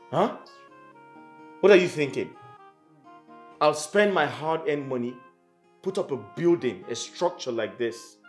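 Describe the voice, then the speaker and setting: An actor voices a stern, exasperated husband who scolds his wife indignantly. His pitch swings widely as he talks. Soft film music plays underneath. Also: close to an everyday voice. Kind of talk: Nollywood film acting.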